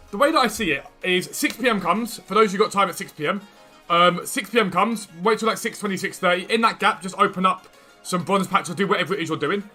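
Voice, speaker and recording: This is a man hosting a gaming livestream from a room at home, rattling along at a brisk pace. His voice is bright and forward, pitched a touch above most men, and quiet music runs behind him. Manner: quick, chatty and enthusiastic, jumping between topics and chat questions. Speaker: gaming streamer and video host. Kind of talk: casual livestream chat while trading in a football game.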